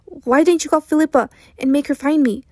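A woman voicing a miserable, guarded young man who speaks quietly and hesitantly, in an audiobook reading. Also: high voice, a little fast, dry recording, studio quality, close to an everyday voice.

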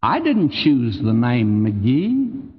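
An older man with a Texan accent preaching a sermon in a folksy, emphatic way, his voice swooping high on key phrases and dropping low. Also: wildly swooping pitch, drawn-out words, slightly rough, big-room sound, narrow, tinny audio, faint music behind. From Texas. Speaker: pastor.

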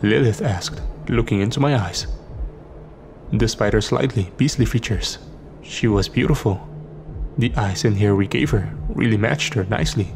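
A man narrating a horror story in steady, scripted dramatic delivery. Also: fairly low pitch, moderate pace, a little hiss or hum.

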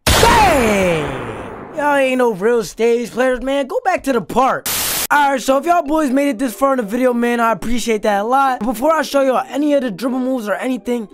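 A man's voice: extremely high pitch, brisk. A young man doing hyped, profane gameplay commentary, roasting opponents as he plays. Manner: hyped trash-talking, profane, playful roasting. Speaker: gaming YouTuber. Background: background music.

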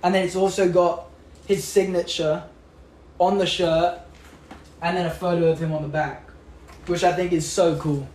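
A man's voice: high-pitched, level tone, normal speed, long pauses, darkish tone. A young man from England with a British accent hosts a casual live stream, chatting upbeat, showing off clothes and gadgets and answering viewer comments. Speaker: livestream host. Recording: echoey room with faint background noise.

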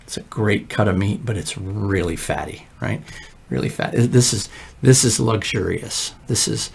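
A man leading morning prayer as pastor, reading scripture and explaining it with lively, conversational asides. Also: on the low side, unhurried, vocal fry, slightly rough. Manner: conversational, lively asides, frequent "right?" check-ins. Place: church.

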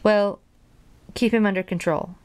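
A woman's voice: medium pitch, steady tone, measured pace, a little mellow, smooth, lightly acted. A woman voicing a stern policeman. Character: stern, frowning male policeman.

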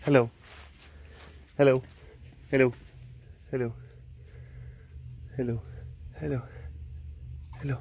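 A man's voice: mid-range voice, flat delivery, unhurried, vocal fry, long pauses, a little mellow, slight background noise. A man hosting a casual walking vlog outdoors at an animal compound, playfully cooing at the cats as he goes. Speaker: vlog host at a big cat facility.

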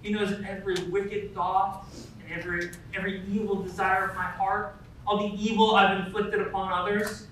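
Sitting high and sharp in tone, a man's voice carries a pastor's sermon through a church sanctuary. He talks casually, often asking "right?" and recounting tales of his family. The sound is distant and reverberant, with faint noise in the hall.

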